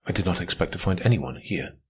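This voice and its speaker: A man's voice: low-pitched, lively intonation, quick pace, a little hiss or hum. A man reading an audiobook, voicing a cool and self-assured young upper-class man with an unruffled manner.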